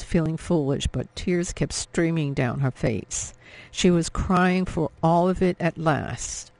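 Guy reading an audiobook, measured and emotive, gravelly, kinda high. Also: no room sound. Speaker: audiobook narrator. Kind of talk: scripted narration.

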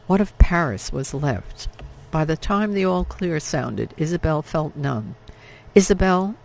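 A man reading an audiobook in a measured, steady narration. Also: on the high side, vocal fry, slight background noise, rough recording.

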